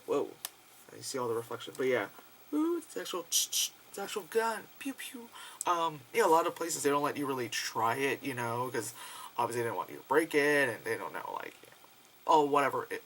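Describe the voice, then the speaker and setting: Rambling, excitable young-sounding man vlogging. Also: mid-range voice, brisk, a little hiss or hum, poor audio. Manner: rambling, heavy on fillers and swearing. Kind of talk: casual vlog chat.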